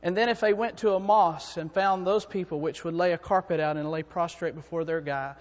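A man preaching a sermon, swinging from quiet talk up to fervent, shouting peaks. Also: a little high, steady tone, brisk. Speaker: preacher and song director. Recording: long hall reverb.

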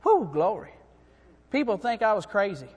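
A very high-voiced man preaches a sermon, sliding from low, quiet talk into fervent, shouting peaks. His voice rings with the long reverb of a church hall. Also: big pitch swings, normal speed, slightly rough. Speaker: preacher and song director.

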